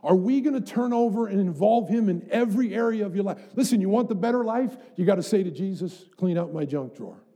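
A man's voice: sits high, quick pace, hardly any pauses, mellow. A middle-aged man preaching a sermon as pastor, emphatic, building up with rhetorical questions to the congregation.

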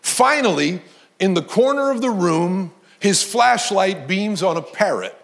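A man preaching a sermon as pastor, telling stories and rising to emphatic, shouted points. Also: sits high, lively intonation, a little slow, creaky.

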